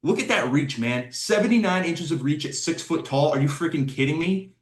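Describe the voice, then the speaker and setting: Excitable young man in an echoey room. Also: on the high side, brisk. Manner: excitable, blunt, slangy. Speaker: sports commentator and channel host. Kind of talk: casual opinion commentary. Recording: roomy echo.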